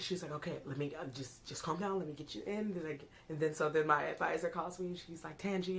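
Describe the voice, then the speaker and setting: A woman's voice: lowish voice, fast talker. A young woman casually telling a story on her vlog, acting out her own panicked words as she goes.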